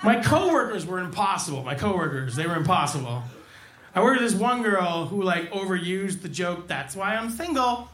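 A man doing a stand-up set, telling crude, deadpan stories about working in restaurants and swearing freely. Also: high voice, a little fast, reverberant, background noise. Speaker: stand-up comedian. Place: comedy club stage.

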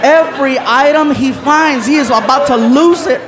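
A man telling a story in stand-up, loud and animated, acting out the people in it with shouts. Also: very high-pitched, moderate pace. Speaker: stand-up comedian. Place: live comedy stage before a laughing crowd. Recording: live show with crowd noise.

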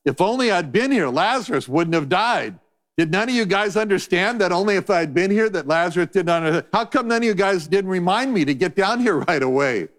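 An exasperated Jesus fires off indignant questions at his disciples, as a preacher acts him out in a sermon. The voice climbs well above the man's usual pitch. It rushes and presses on. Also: lively intonation, a bit bright. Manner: rapid string of indignant questions.

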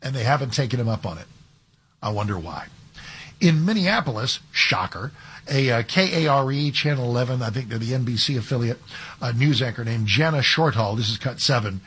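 A man's voice: medium pitch, animated, brisk, fairly bright tone, slightly rough. A man hosting a talk radio show as a fill-in, talking conversationally with sarcastic asides and frequent restarts.

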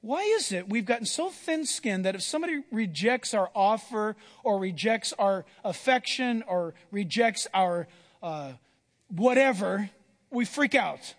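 A man preaching a sermon, telling Bible stories with animated delivery and acting out the characters' voices. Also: high voice, a little slow. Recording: long hall reverb.

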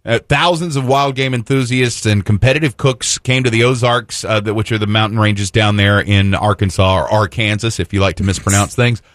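A man's voice: on the low side, fairly even intonation, a little fast, few pauses, fairly bright tone, no room sound, studio quality. A man co-hosting a morning radio show, telling a story in a folksy, wry, joking way. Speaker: radio co-host. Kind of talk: casual morning radio banter.

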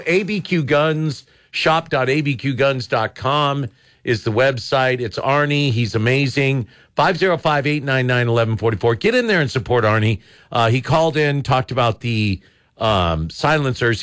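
A man hosting a call-in radio show, his pitch swinging widely as he laughs and exclaims with callers. The sound is close and dry, straight into a studio mic. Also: expressive, moderate pace, fairly bright tone, no echo. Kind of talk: casual radio chat and live reads.

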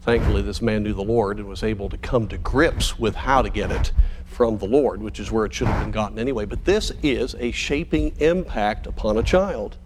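A man's voice: on the low side, moderate pace, noisy background. A man preaching a sermon to fathers, earnest and exhorting, weaving in illustrative stories. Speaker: pastor.

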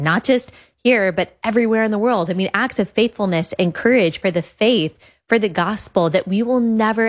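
A woman speaking as a podcast host. She talks in an earnest, emphatic way, her voice sitting in an ordinary middle range. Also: medium pitch. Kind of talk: podcast talk on faith.

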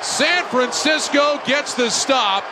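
A man calls a goal-line football play on the radio, his voice pitched very high and rising to a shout. A loud stadium crowd roars behind him, with plenty of background noise in the clip. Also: takes it slowly. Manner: building to shouted excitement. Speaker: play-by-play announcer. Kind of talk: live radio football commentary.

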